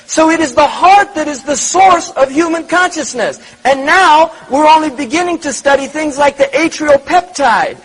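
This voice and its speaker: A man's voice: extremely high pitch, normal speed, few pauses, fairly bright tone, low-quality recording. A man giving a religious lecture, reflective, repeating words and asking rhetorical questions. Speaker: Islamic lecturer.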